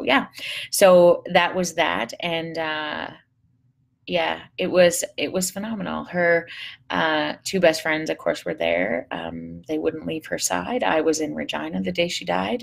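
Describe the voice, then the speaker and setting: Low, gravelly-voiced woman telling a story. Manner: candid and blunt, swears freely, trails into fillers. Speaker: psychologist and host of a live show. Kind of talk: casual storytelling to a live audience.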